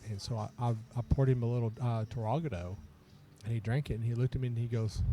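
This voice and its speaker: A man's voice: mid-range voice, fairly even intonation, fast talker, mellow. Chatty man hosting a podcast. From Texas. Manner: chatty storyteller, laughs often. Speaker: podcast host. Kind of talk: casual chat.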